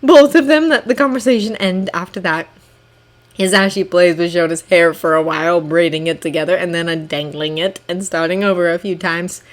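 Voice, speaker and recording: A woman reading fan fiction aloud in expressive, animated narration. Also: lowish voice, moderate pace.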